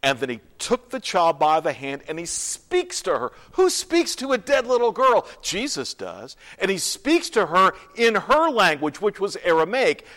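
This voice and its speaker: A man preaching a sermon, acting out scenes and dropping to hushed whispers. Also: high voice, wildly swooping pitch, measured pace, hardly any pauses. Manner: dramatic, swings from loud to hushed whispers. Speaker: pastor.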